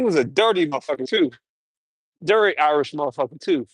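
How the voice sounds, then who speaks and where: A young man streaming from his garage, chatting casually and excitably in slang, often breaking into impressions and humming. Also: on the high side, brisk, breathy edge, dry recording.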